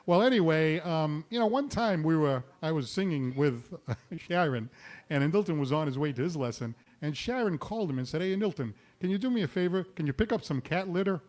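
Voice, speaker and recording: A man hosting a live comedy show in a restaurant, telling pun jokes with quick self-mocking asides. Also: on the high side, lively intonation, a little mellow. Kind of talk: stand-up jokes and banter.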